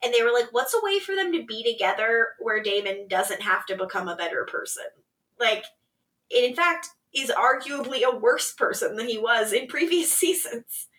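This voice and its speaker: A woman co-hosting a podcast, casually recapping episodes, animated and laughing often as she acts out quotes. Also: fairly high pitch, normal speed. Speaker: podcast co-host.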